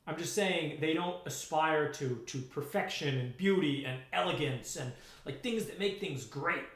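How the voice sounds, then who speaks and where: A man's voice: fairly high pitch, a little slow, fairly bright tone, echoey room. A man in his thirties live-streaming his programming work, talking bluntly and with exasperation, often restarting his sentences. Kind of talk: casual live-stream talk.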